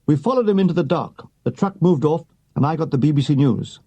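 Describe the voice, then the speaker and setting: A man's voice: a little high, animated, fairly quick, mellow, husky. A man reading a wartime memoir aloud, with a dry comic delivery that gives the other characters their own voices. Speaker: audiobook reader.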